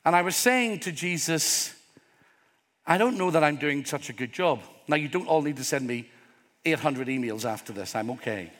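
A man's voice: fairly high pitch, lively intonation, normal speed, a bit bright. A middle-aged man preaching a sermon as pastor, earnest and openly vulnerable, rising to emphatic peaks. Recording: long hall reverb.

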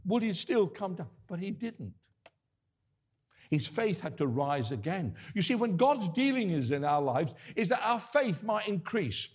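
Animated older male preacher. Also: sits high, a little slow, slightly rough. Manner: earnest, conversational preaching with restarts. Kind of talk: sermon.

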